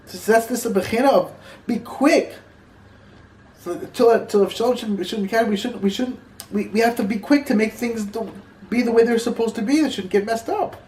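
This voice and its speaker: A man giving an informal Torah class, talking in halting bursts that repeat and restart his phrases. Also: very high voice, darkish tone, echoey room, low-quality recording. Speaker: Torah teacher.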